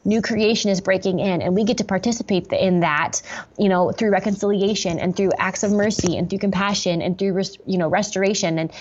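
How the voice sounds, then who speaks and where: A woman's voice: mid-range voice, steady tone, brisk, highs cut off, a little hiss or hum. A woman pastor telling a personal story in an interview, earnest and reflective, with many fillers and restarts.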